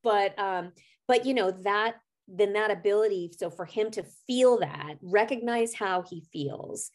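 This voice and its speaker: A woman's voice: medium pitch, unhurried. A middle-aged woman co-hosting a podcast, telling a personal story in an earnest, reflective, conversational way. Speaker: podcast co-host.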